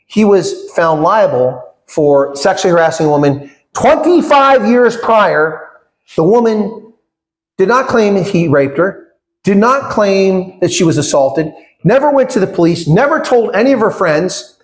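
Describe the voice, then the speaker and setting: A man's voice: high-pitched, lively intonation, unhurried. A middle-aged man answering interview questions in a conversational way, emphatic and indignant, with rhetorical questions and short laughs. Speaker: interview guest, former election candidate.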